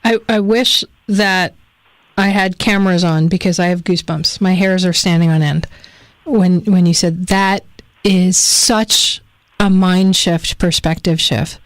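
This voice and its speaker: A woman's voice: fairly low pitch, steady tone, measured pace, no echo. Gushing woman radio host, dry sound. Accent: American. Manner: effusive, enthusiastic. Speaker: radio talk show host. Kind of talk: live radio interview.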